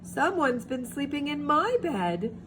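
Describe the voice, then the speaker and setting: A worried mama bear, as a woman reading aloud puts her on gasps in a raised, slightly higher voice with anxious breathiness. She speaks carefully and slowly. A steady hiss runs under the storybook voice. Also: full character voice. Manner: gasping, anxious.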